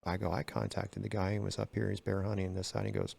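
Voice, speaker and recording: A man's voice: on the low side, little pitch movement, quick pace, vocal fry, a little mellow. An older retired man telling stories in a casual way and acting out both sides of the dialogue. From California. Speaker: retired game warden, podcast guest. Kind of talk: casual storytelling.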